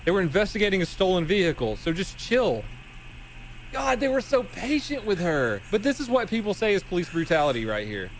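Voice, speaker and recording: A man's voice: sits high, big pitch swings, brisk, slight background noise. A man giving blunt, sarcastic casual commentary on police footage, with some swearing. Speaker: co-host reacting to police footage.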